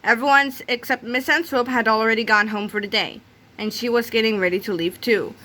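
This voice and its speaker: Brief: woman narrator for a children's read-aloud, lively, bright tone. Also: fairly high pitch, brisk. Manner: lively storytelling.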